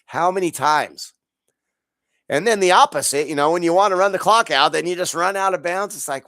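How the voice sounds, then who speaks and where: He has a high voice with a sharp tone and talks a little fast, with no room sound. This podcast host, congested from allergies, unloads a profane, exasperated football rant, angry throughout but laughing in bursts.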